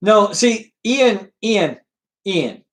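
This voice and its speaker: A man's voice: sits high, animated, extremely slow, a bit bright, rough recording. A man hosting a livestream in an earnest, lecturing way, reading viewer comments and answering them by name. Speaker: livestream host.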